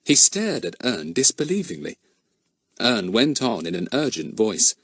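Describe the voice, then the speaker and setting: A man narrating a children's storybook in an expressive storytelling manner. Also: fairly low pitch, unhurried, husky, no room sound, clean studio sound. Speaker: audiobook narrator. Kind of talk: scripted narration.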